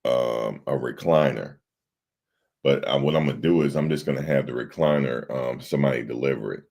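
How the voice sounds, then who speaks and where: Very deep, gravelly man chatting casually. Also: brisk, a little mellow. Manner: rambling, talks to viewers in chat. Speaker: livestream host. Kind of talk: casual livestream chat.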